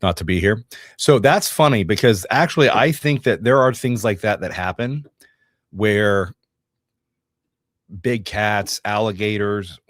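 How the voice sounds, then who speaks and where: Low-voiced man chatting casually on a stream. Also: a little slow, no room sound, studio quality. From Northeast Georgia, US. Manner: rambling, joking, reads viewer comments. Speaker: livestream co-host. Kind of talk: casual chat reading notes.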